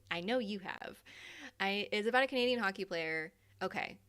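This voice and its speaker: A woman's voice: mid-range voice, normal speed, fairly bright tone. Young adult woman, live stream host, casual chat, laughs a lot, swears freely.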